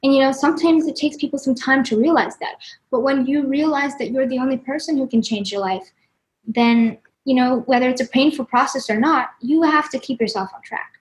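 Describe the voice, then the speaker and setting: High-pitched woman musician gushing on a zoom call, emotional, casual chat. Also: a little fast, poor audio. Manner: effusive and gushing, often emotional. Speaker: musician guest. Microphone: video call.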